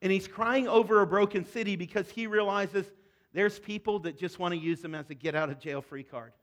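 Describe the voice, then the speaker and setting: A man preaching a sermon, speaking earnestly and directly to his congregation, with quieter, softer passages on the emotional points. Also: high-pitched, brisk. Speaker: pastor.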